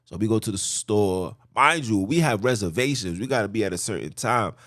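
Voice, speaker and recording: A man hosting a podcast in casual religious talk, telling stories in an animated way with street slang. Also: lowish voice, a little fast, no echo, clean studio sound. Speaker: podcast host.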